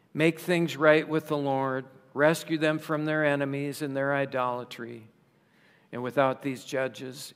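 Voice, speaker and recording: A man preaching a sermon in a slow, emphatic way, raising his voice for rhetorical questions. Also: fairly high pitch, a bit bright. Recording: long reverb of a large hall.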